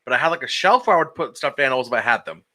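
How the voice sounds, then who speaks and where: A young man hosting a casual podcast, telling a story with lots of energy. His voice is very bright and forceful, and his pitch swings widely. He swears freely and laughs through his story. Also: expressive, very fast. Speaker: podcast co-host. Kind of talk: casual group chat, storytelling.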